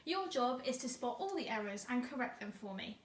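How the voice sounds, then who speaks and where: A fairly high-voiced woman teaching an online grammar lesson to young children. She sounds upbeat and encouraging, and she slows right down to spell words out letter by letter. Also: sing-song. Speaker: primary school teacher.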